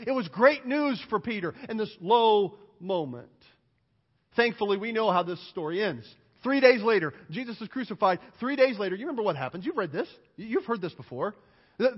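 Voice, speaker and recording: A man preaching a sermon, telling the story with animated delivery and acting out the dialogue. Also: extremely high pitch, breathy edge. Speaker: pastor. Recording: dull sound with long hall reverb.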